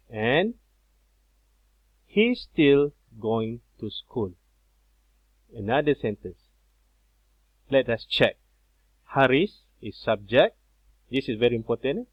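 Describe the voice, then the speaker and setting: Slow, patient male teacher. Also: medium pitch, no echo. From Malaysia. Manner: slow, repetitive explaining with many fillers. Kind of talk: recorded grammar lesson. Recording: dull, dry lo-fi recording.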